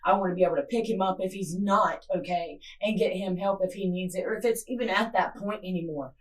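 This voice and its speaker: A distant surveillance camera, with some faint noise, picks up a mother of a missing child confronting someone in an interrogation room. Angry and pleading, she swears as she speaks a little fast in a mid-range voice.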